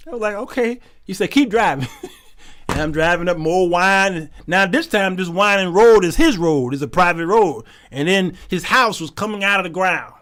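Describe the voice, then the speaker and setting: A man hosting his show, telling a comic story, animated and laughing often as he acts out the people in it. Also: high voice, normal speed. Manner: animated, laughing often, acting out quoted voices. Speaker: show host.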